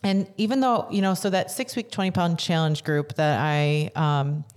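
A woman's voice: low-pitched, fairly even intonation, normal speed, a little mellow. A young adult woman, a guest on a podcast, speaking earnestly and often repeating words for emphasis. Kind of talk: casual podcast interview.

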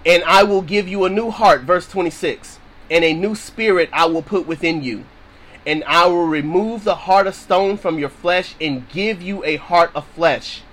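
Speaking at a moderate pace, this man teaches the Bible with emphatic, informal delivery and keeps repeating his points so they stick. His high-sitting voice has a fairly bright tone, though the recording quality is low.

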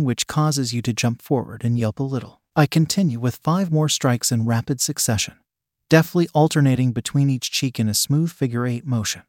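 A man narrating an intimate second-person audio story, with a stern, dominant, low growling delivery. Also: darkish tone, dry recording, clean studio sound.

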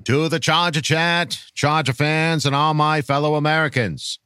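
A man's voice: a little high, steady tone, moderate pace, pushed and bright, clear, resonant tone, no echo. Upbeat podcast host man, dry close mic. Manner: reads listener messages aloud with mock-grand delivery. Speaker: podcast host reading listener questions. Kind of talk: casual fan podcast chat and dramatic reading.

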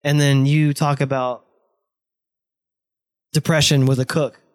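A man's voice: medium pitch, flat delivery, unhurried. A young man in casual chat on a podcast, blunt and pushy, swearing freely as he argues his point. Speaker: podcast guest, host's best friend.

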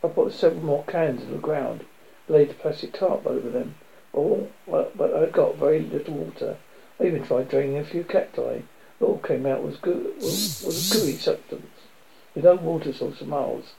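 A man reads an extract from a novel aloud at normal speed, making small slips and restarts and raising his pitch for the characters' quoted lines. His voice is creaky and mellow. The recording is low quality, with slight background noise.

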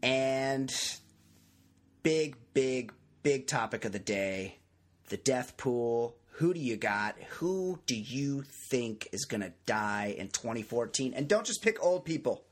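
A man's voice: mid-range voice, lively intonation, takes it slowly. A man hosting a casual podcast, joking and rambling in loose banter. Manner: jokey, rambling, self-mocking. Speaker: podcast host.

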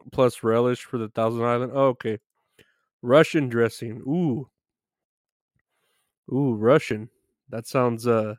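A man's voice: medium pitch, clean tone, no room sound, studio quality. A man hosting a live stream, chatting casually and rambling with plenty of swearing as he reads the chat. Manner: rambling, profane, easygoing.

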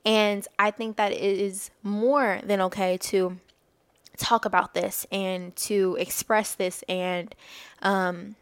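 A woman's voice: mid-range voice, no room sound. A woman hosting a podcast, giving an earnest, faith-based talk of encouragement and often laughing mid-sentence. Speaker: podcast host.

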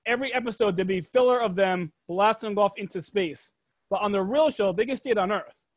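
A man's voice: high-pitched, fairly quick, dry recording. A man in his fifties chatting casually as a podcast guest, chiming in with short remarks. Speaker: guest, host's father or uncle.

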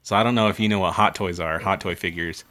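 Earnest, rambling man, low-pitched. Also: steady tone, fast talker, bright, forceful tone. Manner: earnest, rambling, full of "you know". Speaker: podcast guest. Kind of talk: casual chat.

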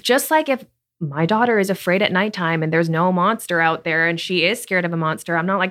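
A woman co-hosting a podcast, talking gently and earnestly. Her voice sits somewhat low, and she speaks in an affirming, caring way. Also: fairly quick. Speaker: podcast co-host. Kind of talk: casual conversation.

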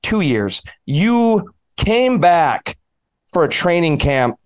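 Male podcast host, 30s, high and smooth voice, eager and admiring. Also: very animated, slow pace. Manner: enthusiastic, admiring, laughs often. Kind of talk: casual interview.

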